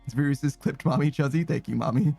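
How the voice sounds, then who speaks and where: A male streamer chatting casually on a live stream, rambling through shout-outs and often laughing and swearing. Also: medium pitch, quick pace, gravelly, slightly rough, soft background music. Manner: keeps tacking a running joke word onto sentences, laughs and swears often.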